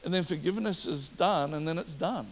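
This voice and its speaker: A man's voice: a little high, a little fast. A man preaching a sermon as pastor, talking directly to his congregation and checking whether they follow him. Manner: animated preaching with audience asides. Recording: long reverb of a large hall.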